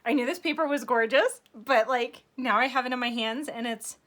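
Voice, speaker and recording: A woman's voice: fairly high pitch, measured pace. Bubbly, gushing young woman. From Arizona, United States. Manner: gushing, bubbly, repeats "so excited". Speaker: craft vlogger. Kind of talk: unboxing vlog. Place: home, sitting on the floor.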